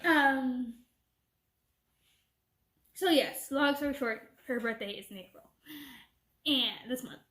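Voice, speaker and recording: A young woman rants through a casual storytime, replaying a conversation line by line. Her voice sits high and bright in pitch, and the room rings around her with a noticeable echo. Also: slow pace, pauses often. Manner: animated retelling with quoted back-and-forth. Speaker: vlogger. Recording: echoey room.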